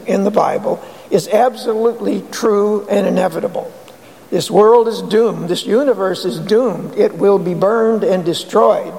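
A man's voice: high voice, creaky, darkish tone. A man preaching an earnest sermon as pastor, pressing rhetorical questions with emphasis, recorded in a church sanctuary. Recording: long hall reverb.

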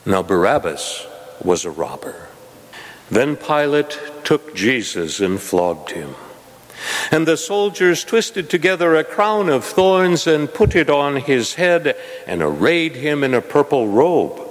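A man reading scripture aloud in a measured, solemn manner. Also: on the high side, sing-song. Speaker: scripture reader. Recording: long hall reverb.

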